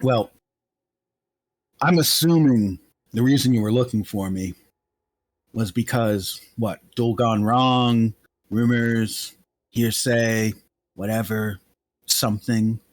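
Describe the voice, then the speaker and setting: A man's voice: on the low side, takes it slowly, long pauses, no echo. A man playing a tabletop role-play game, talking in and out of character in a crude, rambling way full of laughs and fillers. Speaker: player.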